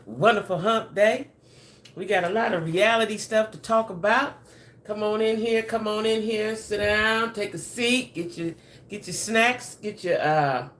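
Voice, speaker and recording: A woman hosts a casual gossip livestream from her home desk. She talks in a loose, chatty way with Southern vernacular and greets viewers by name as they come in. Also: medium pitch. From Southern United States. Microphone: camera and ring light at desk.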